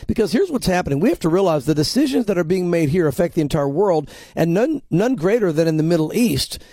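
A man's voice: high-pitched, sing-song, quick pace, warm tone, slightly rough, dry recording, studio quality. A man, a pastor, giving conversational podcast commentary. He talks emphatically, repeats words while building a point, and slips into quoted voices. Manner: acts out other people's lines in quoted voices.

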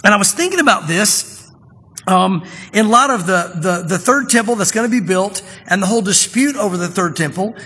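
High-voiced pastor in an echoing hall. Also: male voice, animated, bright, forceful tone, breathy edge. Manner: conversational preaching, reads scripture slowly and with emphasis. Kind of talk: sermon. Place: church sanctuary. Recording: long reverb of a church hall.

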